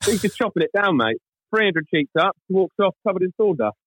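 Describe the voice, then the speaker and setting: A man's voice: high-pitched, brisk, slightly rough, dry recording, rough recording. A man, co-hosting a podcast and telling a funny story in casual, swear-filled chat. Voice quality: sweary, animated anecdote-telling. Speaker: podcast co-host.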